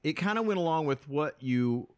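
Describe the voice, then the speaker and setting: A man's voice: fairly high pitch, expressive, moderate pace, clean tone, dry recording, studio quality. A man speaking as a podcast guest in casual chat, enthusiastic and talkative, often restarting his sentences. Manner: chatty, enthusiastic, with frequent restarts.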